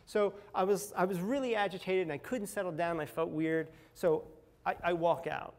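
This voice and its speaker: A middle-aged man with a somewhat high voice recounts a personal ordeal in a candid, confessional way. He builds tension, then drops to near-whispers at the tense moments. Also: fairly even intonation, moderate pace. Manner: candid, dramatic retelling with acted quotes and swings from loud to hushed. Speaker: speaker sharing a personal recovery story. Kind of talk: personal storytelling talk.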